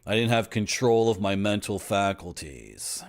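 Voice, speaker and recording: A young man streaming a video game live, rambling through deadpan absurd tangents as he plays. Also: on the low side, a little slow. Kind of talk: live gameplay commentary.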